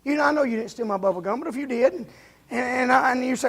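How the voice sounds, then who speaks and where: A man preaching a folksy, confrontational revival sermon as a visiting preacher in a church, building up to shouting. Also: very high voice, racing, husky. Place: church during a revival service.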